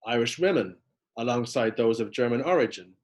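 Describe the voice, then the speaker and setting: A man's voice: medium pitch, animated. A man giving a prepared lecture, reading steadily from notes as he walks through maps. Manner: measured, reads from notes with map references.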